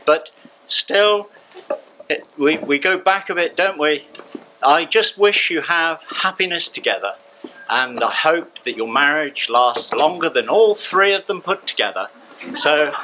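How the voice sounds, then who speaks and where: A man's voice: fairly high pitch, bright, forceful tone, a little hiss or hum, exaggerated voice, low-quality recording. An amateur actor playing a hearty, teasing best man. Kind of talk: amateur stage acting.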